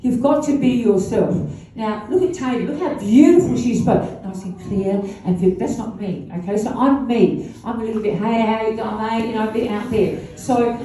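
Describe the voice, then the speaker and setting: A woman's voice: fairly high pitch, lively intonation, moderate pace, dark tone. An older woman giving a rambling, chatty speech to an audience at a launch event, laughing between asides. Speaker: guest speaker at a launch event. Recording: echoey room from far off.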